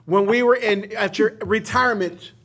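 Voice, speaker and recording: A man with a high voice hosts a casual talk show and tells long, rambling stories about an old friend. He gets emotional and laughs easily as he goes along. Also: moderate pace, fairly bright tone. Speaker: podcast host. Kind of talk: casual storytelling chat.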